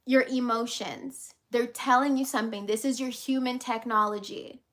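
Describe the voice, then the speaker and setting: A woman's voice: on the high side, moderate pace, fairly bright tone. A woman coach giving a motivational vlog talk, emphatic and repetitive, casual and willing to swear. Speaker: life and business coach.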